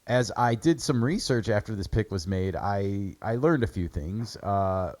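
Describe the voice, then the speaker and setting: A man's voice: on the low side, expressive, unhurried, a little mellow. A man hosting a casual sports show, breaking down football draft picks in a chatty way with lots of fillers. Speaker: sports podcast host.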